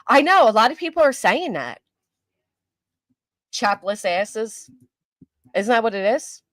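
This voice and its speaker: An older woman hosts a casual YouTube live-stream commentary, her slightly high, somewhat bright voice very animated and brisk. Chatty and self-mocking, she answers her chat as she goes, on a dry, clean studio recording.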